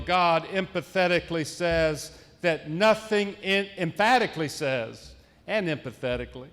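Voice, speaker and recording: A man's voice: high-pitched, fairly bright tone. A male pastor preaching an Easter sermon in a rhythmic, repetitive cadence. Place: church sanctuary. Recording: long reverb in a church sanctuary.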